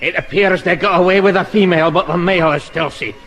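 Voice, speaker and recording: A man playing a dour Scottish police inspector in a 1950s radio comedy, reporting gravely and growling 'arr' noises. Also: high voice, quick pace, fairly bright tone.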